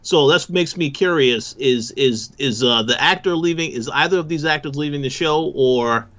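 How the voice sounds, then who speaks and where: A man co-hosting a podcast, offering measured, agreeable commentary in casual chat. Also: on the high side, a bit bright. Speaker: podcast co-host. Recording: dull lo-fi audio.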